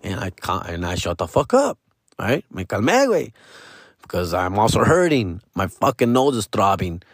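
A man's voice: on the low side, sing-song, normal speed, breathy edge, dry recording, clean studio sound. A male comedian telling a story casually, profane and slangy, dropping into Spanish phrases.

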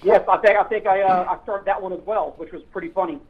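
A man, a retired police officer, telling old stories in a halting, rambling way with many fillers. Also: high-pitched, breathy edge. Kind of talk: casual chat. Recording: tinny phone line.

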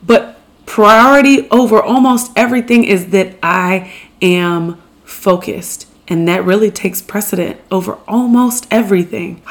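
A young adult woman hosting a podcast, delivering an emphatic motivational monologue straight to her listeners. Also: medium pitch. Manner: emphatic, pep-talk delivery. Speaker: podcast host.

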